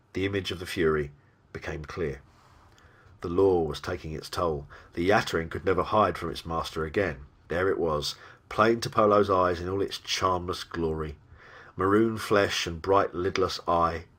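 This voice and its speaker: A man's voice: sits low, normal speed. A man narrating a horror tale in a dramatic audiobook reading. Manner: animated storytelling.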